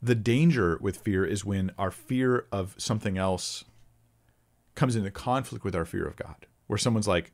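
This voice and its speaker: A man hosting a Bible question-and-answer session, explaining scripture in a relaxed, unscripted way, often thinking aloud and restarting his sentences. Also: fairly low pitch, moderate pace. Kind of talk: casual unscripted Bible teaching.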